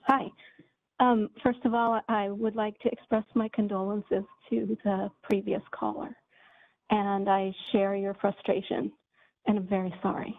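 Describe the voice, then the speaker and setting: A woman giving an angry, impassioned public comment with halting phrasing, heard over a call. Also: mid-range voice, flat delivery, dry recording. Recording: phone-like dry call audio.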